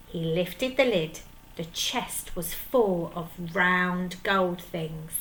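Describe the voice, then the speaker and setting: A woman's voice: fairly low pitch, extremely slow, fairly bright tone, rough recording. A woman teacher reading a picture book aloud to young children, stopping to ask them questions. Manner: asks the listening children questions. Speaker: primary school teacher.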